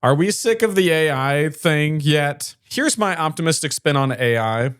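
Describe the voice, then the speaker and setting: A man's voice: a little high, expressive, a little slow, fairly bright tone, clean tone, dry recording, studio quality. Chatty man hosting a local news show. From Fayette area. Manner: chatty, rambling, many fillers. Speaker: local news podcast host. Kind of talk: casual chat and news reading.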